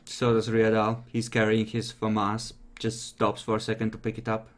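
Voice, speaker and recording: A man's voice: lowish voice, completely flat delivery, moderate pace, a little hiss or hum. A man running a tabletop game as game master, narrating scenes in a casual, offhand way and swearing freely.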